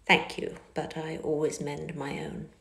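A woman reading a novel aloud and voicing a proud, reserved young gentleman, speaking low, quietly and curtly. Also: monotone, a little slow, gravelly, heavily acted. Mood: cool. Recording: echoey car interior.

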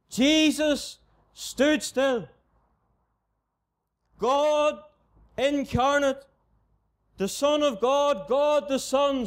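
A man with a Northern Irish accent preaching a gospel sermon in a mission tent, earnestly repeating his appeals to the unbeliever. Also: very high-pitched.

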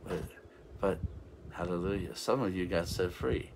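A man's voice: low voice, moderate pace, vocal fry, background noise. A man giving an informal, rambling sermon as a revival minister, with frequent restarts and interjections of praise.

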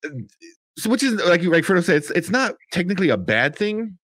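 A man's voice: high-pitched, sing-song, a little fast, a bit bright. A man co-hosting a podcast review, rambling in casual chat with lots of fillers, swearing and laughter. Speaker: podcast co-host reviewing a movie.

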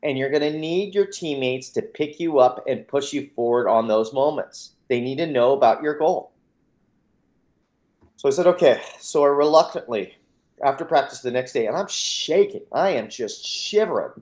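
A man's voice: mid-range voice, animated, moderate pace, a little mellow. Earnest American man telling his story. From United States. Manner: earnest, emphatic, acts out dialogue; repeats words when starting. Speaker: mindset coach, guest. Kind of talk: personal storytelling interview.

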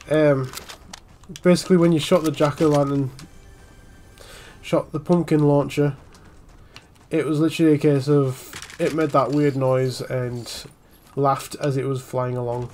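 A young man giving casual, jokey commentary while playing a game, swinging between muttering and yelling. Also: a little high, steady tone, unhurried, pauses often, a little hiss or hum. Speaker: gaming channel host.

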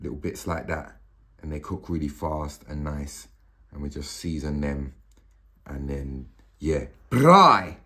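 A man chatting casually to his viewers while cooking, slangy and laid-back with excitable bursts. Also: extremely low pitch, measured pace, pauses often. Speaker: cooking vlogger. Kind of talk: casual cooking vlog chat.

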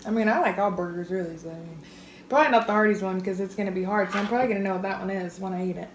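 A woman's voice: mid-range voice, racing, echoey room, a little hiss or hum. A woman guessing burgers blindfolded in casual chat, giggly and hesitant as she thinks aloud. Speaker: blindfolded taste tester.

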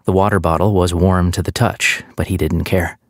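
Deep-voiced man narrating an audiobook. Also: level tone, moderate pace, no room sound, clean studio sound. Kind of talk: scripted narration.

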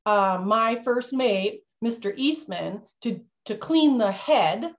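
A woman's voice: a little high, expressive, slow pace. A woman playing a bumbling, jittery male schooner captain who insists he isn't cursed, in a storytelling role-play for kids over a video call. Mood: instructive. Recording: dull lo-fi video-call audio.

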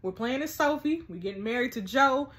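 A woman's voice: fairly high pitch, animated, fairly quick, a bit bright. A young adult woman chatting to her viewers as she plays a story game and reads its text messages aloud. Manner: chatty, exclaiming, addresses viewers as "y'all". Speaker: gaming YouTuber.

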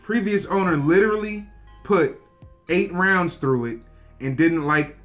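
Male vlogger, slightly high voice, relaxed slangy show-and-tell delivery. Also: unhurried, soft background music. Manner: laid-back, slangy, talks to viewers directly. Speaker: gun review vlogger. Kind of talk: casual show-and-tell review.

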